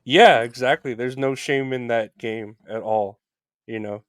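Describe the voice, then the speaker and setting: A man's voice: mid-range voice, dry recording, clean studio sound. A man hosting a podcast, chatting casually and often restarting his sentences. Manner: halting, restarts, agreeable backchannels. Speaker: podcast host. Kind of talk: casual interview chat.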